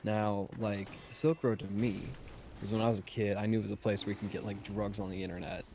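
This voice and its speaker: Casting note: man, low flat gravelly voice, rambling storyteller with a foul mouth. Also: fast talker, slight background noise. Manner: profane, rambling, laid-back. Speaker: podcast host. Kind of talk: casual storytelling.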